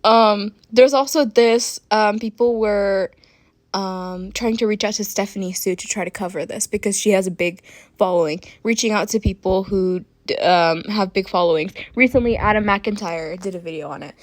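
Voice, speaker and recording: A woman's voice: medium pitch, moderate pace, no room sound. A woman vlogger in a casual rant to camera, heated and frustrated, with lots of fillers and swearing.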